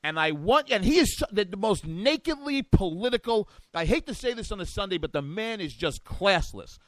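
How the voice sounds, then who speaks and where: A man's voice: sits high, expressive, moderate pace, dry recording. A man hosting a talk show, giving combative, sarcastic political commentary. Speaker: radio talk show host.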